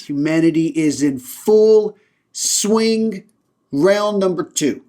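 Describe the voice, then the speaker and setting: A man with a fairly high voice reads scripture aloud and then retells it with casual, irreverent humor. He talks like a lay teacher chatting on his own podcast. His delivery is loose and joking rather than preachy. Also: slow, dark tone.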